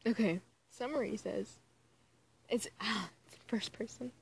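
A woman's voice: fairly high pitch, a little slow, vocal fry, breathy edge. A woman casually reading fan fiction aloud, breaking off with exasperated groaning asides about how much she hates it. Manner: groans and cringes between read passages.

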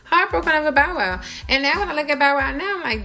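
A young woman hosting a casual celebrity gossip talk, animated and exasperated, cursing and repeating herself as she rants. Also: high-pitched, normal speed, creaky, faint music behind. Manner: animated, exasperated, profane and repetitive. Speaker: host.

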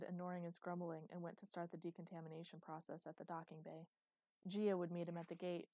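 Woman reading a story aloud, mellow lowish voice, super dry close mic. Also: level tone, quick pace, no room sound. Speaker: audiobook narrator. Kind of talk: scripted narration.

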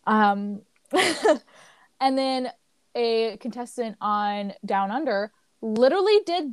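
A young woman chatting casually with a friend over a video call during a quiz game, animated and swearing, laughing often. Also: on the high side, a little slow, no room sound.

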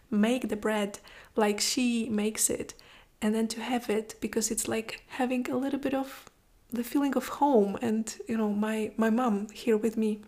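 A woman speaking in a heartfelt, reflective personal monologue, often dropping to a soft whisper and moved to tears. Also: on the high side. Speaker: vlogger.

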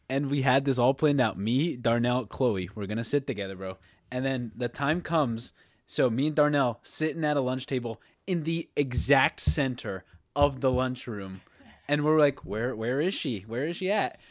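A young man co-hosting a podcast, telling animated stories in casual chat and laughing often. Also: medium pitch, moderate pace, dry recording, clean studio sound. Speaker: podcast co-host.

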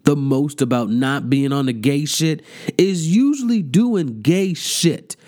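A young man ranting in a mocking, profane comedic monologue, jumping into high incredulous outbursts. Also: animated, takes it slowly, darkish tone. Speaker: comedic commentator.

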